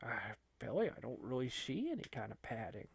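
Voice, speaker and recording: Gravelly, lively man doing rambling game commentary. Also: medium pitch, a little fast, no room sound. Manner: rambling, laughing, filler-heavy, lots of restarts. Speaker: gaming channel host. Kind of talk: casual let's-play commentary on a wrestling game.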